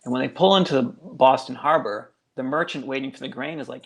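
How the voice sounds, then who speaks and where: A man's voice: mid-range voice, brisk, creaky, few pauses, a bit bright. A male guest author telling a local legend in a casual, chatty way, full of fillers. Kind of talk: casual storytelling.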